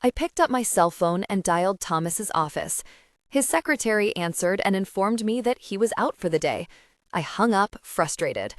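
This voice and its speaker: A woman narrating a first-person audiobook in an expressive, measured way. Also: mid-range voice, dry recording, clean studio sound.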